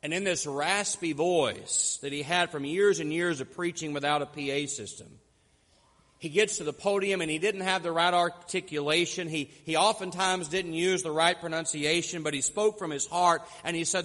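A man preaching a sermon as pastor, telling stories and slowing down to stress key points. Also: a little high, a bit bright, big-room sound. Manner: storytelling, slows down for emphasis.

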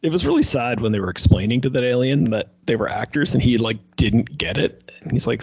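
A man's voice: mid-range voice, animated, a little fast, vocal fry, hardly any pauses, a little mellow, breathy edge, no room sound. A man chatting casually about a movie, rambling and animatedly retelling scenes. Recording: dull lo-fi sound.

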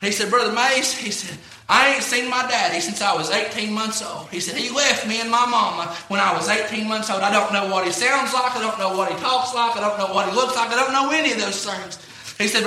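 A man's voice: sits high, pushed and bright, reverberant. A man preaching a sermon, retelling a story in a folksy way with repeated "he said".

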